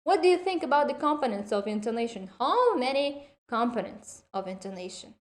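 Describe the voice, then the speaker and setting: A woman giving an online university lecture, speaking slowly and deliberately and addressing her students directly. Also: a little high, big pitch swings.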